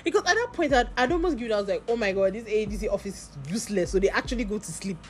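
A woman's voice: medium pitch, rapid-fire, a little mellow, soft background music. A woman with a Nigerian accent, telling a long story in a casual vlog and full of asides and acted-out dialogue. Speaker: vlogger.

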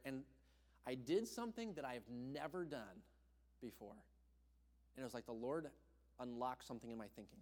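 A young man preaching, telling a personal story in an animated way and acting out the voices of the people in it. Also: mid-range voice, moderate pace, pauses often. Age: young adult. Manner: animated, acts out voices in his stories. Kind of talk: storytelling sermon. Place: church hall. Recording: long hall reverb.

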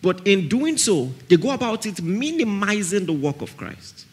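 A man's voice: high voice, big pitch swings, normal speed, slightly rough. A man with a Nigerian accent preaching a sermon at a camp meeting. He is emphatic, repeats key phrases and keeps asking his listeners whether they follow him.

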